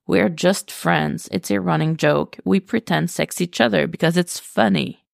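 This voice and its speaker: A woman's voice: lowish voice, unhurried, vocal fry, dry recording, clean studio sound. A woman reading a podfic, voicing a flustered young man who keeps insisting it was a joke. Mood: defensive. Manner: defensive, exasperated.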